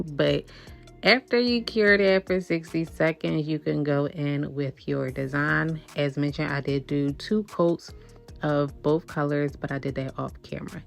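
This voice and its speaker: Low raspy-ish woman doing a chill nail tutorial, bit out of breath, keeps saying y'all. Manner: chatty, addresses viewers as y'all. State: slightly out of breath. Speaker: nail art vlogger. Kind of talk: casual tutorial chat.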